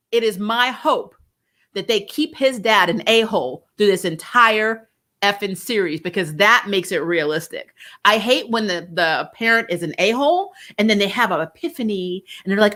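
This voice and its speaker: A young adult woman giving a casual review, animated and laughing often as she mimics voices. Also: on the high side. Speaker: show reviewer.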